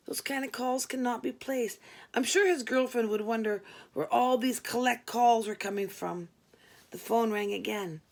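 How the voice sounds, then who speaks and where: A woman's voice: fairly high pitch, moderate pace, vocal fry, a little mellow. A woman narrating a first-person story in a dry, wry manner. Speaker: audiobook narrator.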